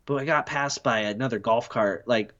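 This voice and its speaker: A man's voice: medium pitch, moderate pace, fairly bright tone. Man, podcast guest, rambling storyteller, self-deprecating, slightly dull lo-fi audio. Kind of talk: casual podcast chat.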